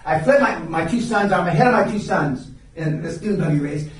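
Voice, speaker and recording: A man's voice: high voice, expressive, fairly quick, crowd noise. An older man telling stories at a live seminar, blunt and profane, often stopping to restart his sentences. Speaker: seminar speaker. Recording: very echoey room, recorded from far off.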